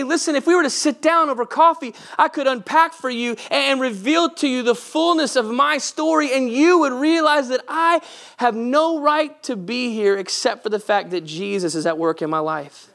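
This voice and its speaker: A man's voice: very high-pitched, fairly bright tone. A male pastor giving a sermon, earnest and conversational, often putting direct questions to the congregation.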